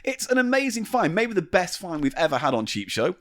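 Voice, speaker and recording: A man's voice: high voice, fairly quick, dry recording, clean studio sound. A man from England co-hosting a comedy podcast, telling stories in casual chat and swearing freely. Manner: animated storyteller, swears freely. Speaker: podcast co-host.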